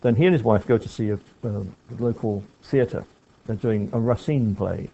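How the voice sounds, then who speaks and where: Thoughtful man, mellow and rambling. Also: fairly low pitch, moderate pace, muffled recording. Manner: rambling, thoughtful, frequent restarts and asides. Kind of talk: reflective talk on film and writing.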